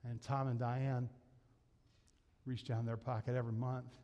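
A man's voice: medium pitch, flat delivery, measured pace, warm tone, in a large hall, highs cut off. A man preaching a sermon as pastor, telling personal stories in a conversational, self-deprecating way, laughing often. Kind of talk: sermon storytelling. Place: church sanctuary.

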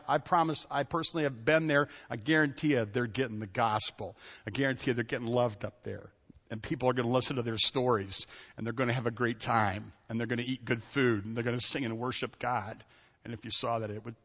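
A man's voice: mid-range voice, fairly bright tone. A middle-aged man preaching a sermon as pastor, telling personal stories in a folksy way and often restarting his sentences. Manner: folksy, storytelling with self-interruptions and laughs. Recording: dull audio with long hall reverb.

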